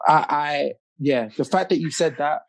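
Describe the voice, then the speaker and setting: A man's voice: on the high side, normal speed. A British man chatting as a podcast guest, laughing easily and restarting his sentences. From United Kingdom. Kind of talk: casual chat.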